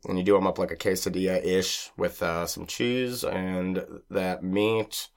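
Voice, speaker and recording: Deep, smooth-voiced man chatting casually. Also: fairly even intonation, measured pace. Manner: rambling, filler-heavy explaining. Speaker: food podcast co-host. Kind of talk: casual chat.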